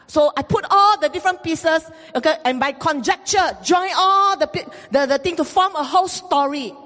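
A woman pastor preaching a sermon, telling stories in an animated way and acting out the voices in them. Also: high-pitched, normal speed. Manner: animated storytelling, acts out quoted voices, repeats phrases. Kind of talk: sermon with storytelling. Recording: long reverb from a hall.

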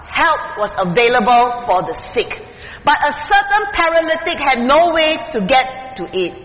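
A guest preacher delivering a sermon from the pulpit, speaking deliberately and stressing key words with rising emphasis. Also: high voice, a bit bright. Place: church sanctuary at the pulpit. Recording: dull lo-fi sound in a reverberant hall.

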